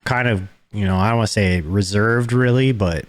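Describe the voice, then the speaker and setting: A young adult man co-hosting a podcast, talking in a calm, low-key way and swearing casually. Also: moderate pace, no echo. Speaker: podcast co-host. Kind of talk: casual chat.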